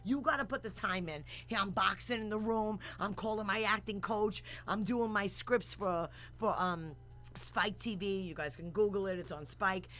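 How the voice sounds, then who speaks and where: A woman hosts a casual radio talk show. She tells stories in a lively, slangy way and laughs often. Faint music plays under her voice. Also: medium pitch, moderate pace. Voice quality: animated, laughing, slangy storyteller.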